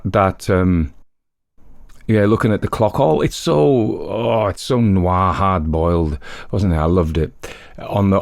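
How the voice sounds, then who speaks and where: Low-voiced chatty male podcast host. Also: darkish tone, no room sound, studio quality. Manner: chatty, self-correcting, frequent fillers. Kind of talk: casual commentary between stories.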